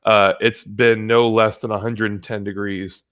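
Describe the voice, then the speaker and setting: A man's voice: fairly low pitch, little pitch movement, a little slow, fairly bright tone, clean tone. A man from the United States, a guest on the show, talking in a rambling casual way, swearing freely and often restarting his sentences. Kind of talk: casual chat. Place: home in California.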